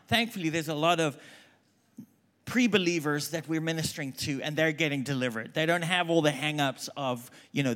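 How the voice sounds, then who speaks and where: A middle-aged man from South Africa with a South African accent blended with American, preaching an emphatic sermon that swings between loud calls and quiet asides. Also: a little high. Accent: South African, mixed with American.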